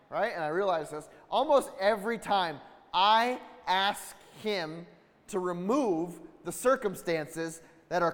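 A man preaching with a high voice, earnest and building in intensity, acting out the lines of the people in the story. His voice rings through a hall with a long reverb tail. It sounds like a sermon given in a church. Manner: earnest, building intensity, acts out quoted dialogue.

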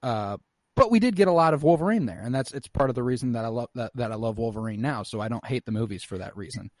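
A man talking casually with friends, eager and animated in his opinions and swearing freely. His voice sits in a middle pitch. The sound is dry and close to the mic. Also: quick pace, no room sound. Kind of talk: casual chat.

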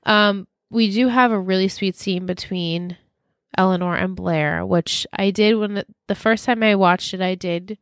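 A woman's voice: mid-range voice, steady tone, measured pace, dry recording, studio quality. A woman co-hosting a podcast, chatting casually and animatedly about a TV episode and acting out its lines. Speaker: podcast co-host. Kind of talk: casual TV recap chat.

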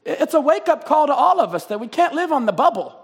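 High-pitched impassioned man preaching. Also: sing-song, quick pace. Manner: impassioned, swings between shouting and quiet reading. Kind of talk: sermon. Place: church. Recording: reverberant church sanctuary.

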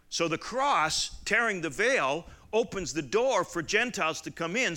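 A man preaching a sermon who shifts between casual, restart-filled asides and loud, emphatic climaxes. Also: fairly high pitch. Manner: builds to loud emphatic climaxes, then drops to quiet asides; conversational, with repeated restarts and folksy asides. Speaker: pastor.

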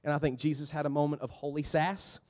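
A man preaching a sermon in an animated, casual way, breaking into jokes and quick impressions of the people in the passages he reads. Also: on the high side. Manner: animated, joking asides with quick voiced impressions. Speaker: pastor. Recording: echoey hall with long reverb.

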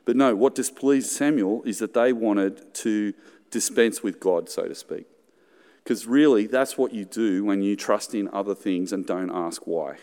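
A man's voice: on the low side, measured pace, warm tone. A middle-aged Australian man preaching a sermon in a conversational way, with joking asides and acted-out quotes. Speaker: pastor. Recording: hall reverb.

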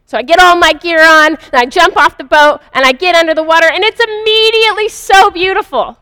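Woman speaker, high bright voice, earnest confessional storytelling, long hall reverb. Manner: earnest, confessional, vivid retelling. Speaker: speaker sharing a personal story. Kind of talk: first-person spiritual storytelling.

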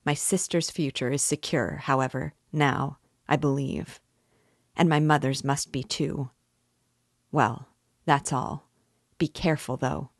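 A woman's voice: sits low, steady tone, a little slow, no echo, studio quality. A woman reading a brooding, defiant young man. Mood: grim insistent. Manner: gloomy, bitter, defiant.

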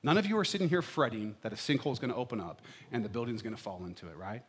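A man's voice: mid-range voice, expressive, very fast, breathy edge. A middle-aged man preaching a sermon in a chatty, playful way, often checking in with the congregation. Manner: conversational preaching with playful asides, checking in with "right?". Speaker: pastor.

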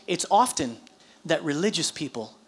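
A woman preaching a sermon, telling a scripture story in a lively, animated way with questions to the congregation. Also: sits low, normal speed, slightly rough. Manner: animated storytelling with audience prompts and laughter.

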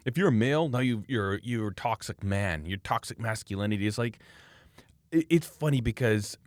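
A Canadian man with a low voice mocks his critics in an animated, scornful rant on a casual podcast, speaking at a normal pace. He sounds like a knife maker swapping stories, and his close, dry recording has no room sound.

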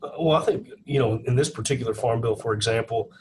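A man with a Kentucky twang talks as a podcast guest. He explains policy in a plainspoken, measured way. A faint hiss sits under his voice. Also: mid-range voice, darkish tone, poor audio. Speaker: guest economist. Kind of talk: podcast interview.

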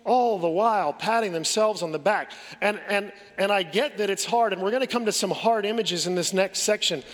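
A man preaching a sermon as pastor, pressing forceful rhetorical questions and often repeating words as he builds a point. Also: high voice, fairly quick, big-room sound.

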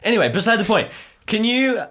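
A man playing an eager young conspiracy theorist who pushes for quick answers. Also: sits high, sing-song, a bit bright, voice pushed up, full character voice. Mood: urgent. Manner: urgent, pushy.

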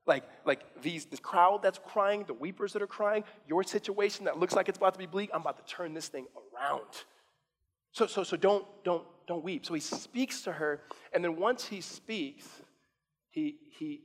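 A man with a high, light voice preaches to his church, casual and animated, doubling back on his words as he talks. His voice carries a long reverb from a large hall. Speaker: pastor. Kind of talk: sermon.

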